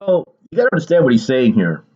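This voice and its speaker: A man's voice: medium pitch, very animated, quick pace, a little mellow, husky, lo-fi sound. A man doing casual political commentary on his vlog, reading aloud and then ranting emphatically with bursts of laughter.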